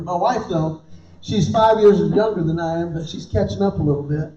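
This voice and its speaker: Middle-aged male stand-up comic, very high voice, lively story delivery, recorded from afar with a dull tone. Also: moderate pace. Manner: animated storytelling, acting out quoted voices. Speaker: comedian. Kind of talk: live stand-up comedy. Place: dinner event in a large room. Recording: roomy, distant, dull live room sound.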